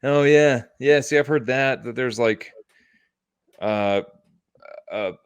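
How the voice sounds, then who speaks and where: A man co-hosting a podcast, trading deadpan quips and quick asides in casual banter. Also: mid-range voice, smooth, no echo. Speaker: podcast co-host.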